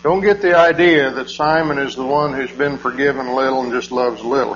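A man preaching a sermon, retelling a scripture story earnestly with frequent pauses. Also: medium pitch, fairly bright tone. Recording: dull lo-fi recording with mains hum.

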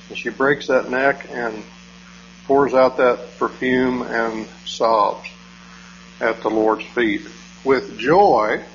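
Preacher, man, unhurried earnest sermon delivery; lo-fi tape with mains hum. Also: mid-range voice. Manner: earnest storytelling, frequent "uh" pauses. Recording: dull lo-fi recording with mains hum.

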